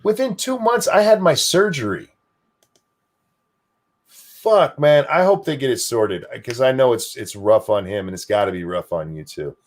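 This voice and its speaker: A man's voice: mid-range voice, moderate pace. An older man hosting a casual streamed talk show, swearing freely and joking about himself. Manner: profane, animated, self-deprecating. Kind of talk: casual chat.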